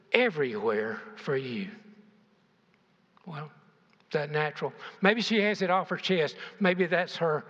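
An older man with a fairly high voice delivers a sermon, peppering it with rhetorical questions and shifting emphasis. The recording is muffled and carries a long hall reverb. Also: a bit bright. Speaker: preacher. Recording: dull, echoey church hall.

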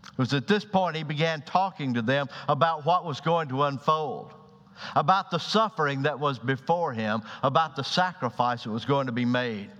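A man's voice: moderate pace, a bit bright. A man preaching a sermon in a church, dramatic in delivery and acting out the voices in his stories. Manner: dramatic, acts out quoted voices with rising pitch. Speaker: pastor. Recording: lo-fi recording with long hall reverb.

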